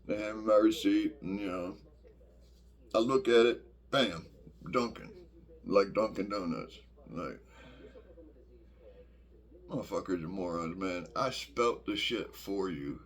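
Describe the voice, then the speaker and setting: A middle-aged man rambles through a casual vlog monologue. His voice sits somewhat low, and he swears freely, piling up fillers and restarts as he talks. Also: unhurried, long pauses. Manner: profane, rambling, many fillers. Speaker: vlogger.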